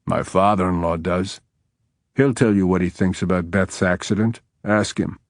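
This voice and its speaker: A male audiobook narrator voicing a surly, guarded widowed lawman in a curt, gruff way. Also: sits low, normal speed, dry recording, clean studio sound.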